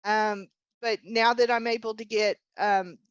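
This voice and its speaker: A woman who runs a witchcraft shop, chatting in a relaxed, easygoing way. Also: mid-range voice, unhurried, clean tone, dry recording. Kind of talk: casual chat. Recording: dull dry lo-fi sound.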